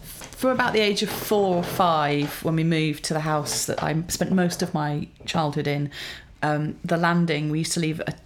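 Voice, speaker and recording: Lowish-voiced woman reminiscing. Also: steady tone, moderate pace, hardly any pauses, a little hiss or hum. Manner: rambling, self-amused storytelling with fillers. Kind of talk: casual chat.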